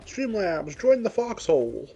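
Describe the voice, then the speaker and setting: A man's voice: high voice, very animated, measured pace, warm tone, breathy edge, lo-fi sound. A young man hosting a casual gaming stream, joking, rambling and laughing often as he chats. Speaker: streamer and host.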